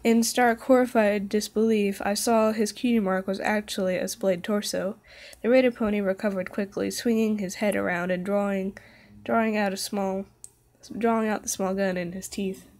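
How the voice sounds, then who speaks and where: A woman's voice: mid-range voice, fairly even intonation, normal speed, darkish tone. Tired young woman, casual stream reader, stumbles and self-corrects, jokey. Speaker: reader of fan fiction. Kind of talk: casual read-aloud livestream.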